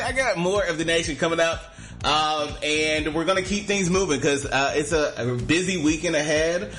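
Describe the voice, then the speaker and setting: A man's voice: fairly high pitch, normal speed, fairly bright tone, soft background music. A man hosting a radio talk show, talking in a casual, emphatic way and repeating his phrases. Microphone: studio microphone.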